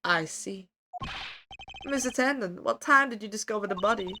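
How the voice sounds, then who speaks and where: A woman voicing a calm, formal male prosecutor who speaks in a measured, polite way. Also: medium pitch, background noise, close to an everyday voice. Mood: probing.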